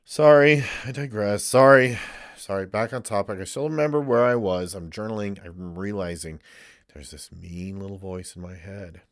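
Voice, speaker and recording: Male counselor, very deep voice, blunt and profane, loose rambling delivery, dry close sound. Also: normal speed, vocal fry, no room sound. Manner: candid, blunt, swears freely; rambling with restarts and asides. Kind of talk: casual monologue.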